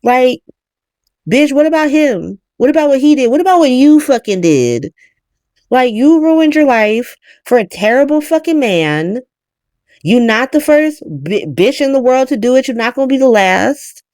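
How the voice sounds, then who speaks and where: A woman's voice: sits high, sing-song, moderate pace, a little mellow, no echo, studio quality, pitched above the performer's own voice. A woman voicing an exasperated middle-aged mother who rants, curses and answers with sarcasm. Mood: indignant rant. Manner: profane, ranting, sarcastic.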